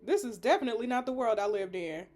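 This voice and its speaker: Young woman gamer, high and very animated, giggly slangy read-through with faint music behind. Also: fast talker. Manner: giggly, slangy, lively banter. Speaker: gamer playing a story game. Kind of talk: reading a story game aloud with commentary.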